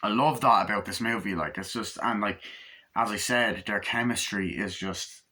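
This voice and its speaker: A man's voice: lowish voice, normal speed, pushed and bright, husky. A man giving a rambling, profane spoken movie review, out of breath as he talks. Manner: rambling, profane, acts out scenes in loose paraphrase.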